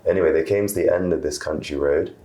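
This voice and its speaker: Relaxed podcast host, male, very low and gravelly, recorded in a roomy space. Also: fast talker. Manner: relaxed, with fillers and soft laughs. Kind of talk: casual storytelling. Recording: roomy room with faint background noise.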